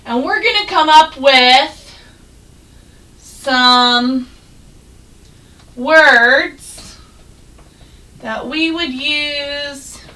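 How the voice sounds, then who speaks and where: A woman teaching a first grade class, sounding out words slowly and praising the children. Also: sits high, pushed and bright, distant mic, poor audio. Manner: slow, exaggerated sounding out of words, encouraging. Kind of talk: classroom phonics and reading lesson.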